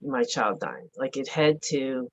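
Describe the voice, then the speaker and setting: Low-voiced, reflective middle-aged woman. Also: big pitch swings, a little slow. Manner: earnest, reflective, frequent "like" fillers. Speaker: interview guest. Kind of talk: candid conversational interview. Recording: dull lo-fi audio.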